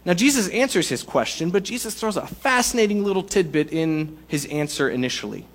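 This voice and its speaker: A man preaching a sermon to a congregation, in a conversational, animated way with playful asides. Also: high-pitched, fairly quick. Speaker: pastor.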